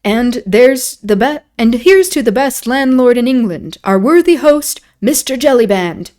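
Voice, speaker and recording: Woman reading as a sly stranger from an old storybook, slow knowing toasts, pitched up and loud. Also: animated. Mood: wry. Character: sly smiling male stranger at an inn.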